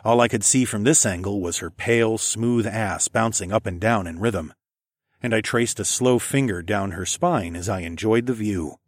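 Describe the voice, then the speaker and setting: A man narrating an adult story in the first person, with a low, steady reading that livens up in his character's quoted lines. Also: moderate pace, no echo, clean studio sound.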